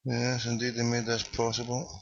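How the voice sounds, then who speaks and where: Speaking at normal speed in a creaky, mid-range voice with a completely flat delivery, a Scottish host with a Glasgow accent runs a jokey call-in internet show from a parked car. His patter is boisterous, rambling and wisecracking, and the lo-fi webcast sound is dull and echo-free.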